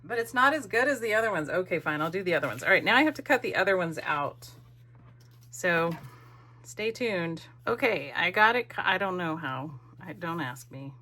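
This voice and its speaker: Her voice is lowish, bright, and forceful, moving along at a normal speed with lively intonation. She's a middle-aged woman narrating a craft video in a chatty, playful way, poking fun at herself as she goes.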